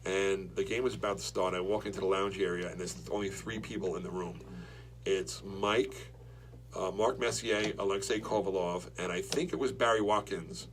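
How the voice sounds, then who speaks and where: A man hosting a podcast, telling long stories with lots of restarts and excited jumps. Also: low-pitched, moderate pace. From Long Island, New York. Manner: rambling, excitable storytelling with many restarts. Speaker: podcast host. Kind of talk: casual chat.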